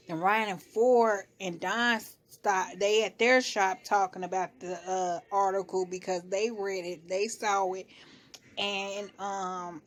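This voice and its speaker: A woman chatting casually as she recaps a reality show episode, slangy and animated, often dropping into voices for the people she quotes. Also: medium pitch, takes it slowly. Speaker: TV recap vlogger.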